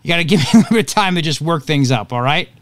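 Male talk host, sarcastic, animated pitch, dry close mic. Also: very fast, no echo. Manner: sarcastic, animated, jokey asides. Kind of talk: opinionated talk radio monologue.

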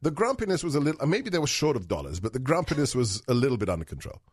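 A man's voice: mid-range voice, very animated, racing, slightly rough, dry recording. A man with a British accent hosting a talk radio show in a studio, joking and teasing his guest. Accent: British-educated. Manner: joking, teasing, banter-heavy. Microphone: studio mic.

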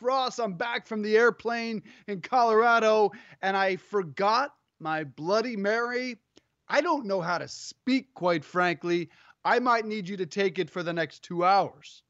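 A man co-hosting a sports talk show from home, chatting in a lively, playful, upbeat way. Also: high-pitched, no room sound, lo-fi sound. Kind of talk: casual sports radio chat. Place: home studio.

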